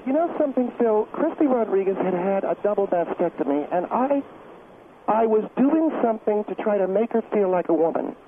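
A man's voice: sits high, lively intonation, a little fast, pitched above the performer's own voice. A man voicing a defensive middle-aged woman dance teacher on a comedic phone-in, indignant and self-pitying. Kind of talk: comedic phone-in role-play. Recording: tinny phone line with noise.

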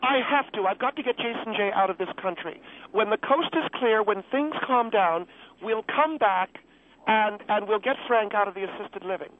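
A man voicing a pompous, wealthy, middle-aged stage mother who calls in to a radio show, haughty and quick to take offense. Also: high-pitched, pitched above the performer's own voice, lightly acted. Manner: haughty, self-important, easily offended. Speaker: radio call-in guest. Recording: tinny phone line.

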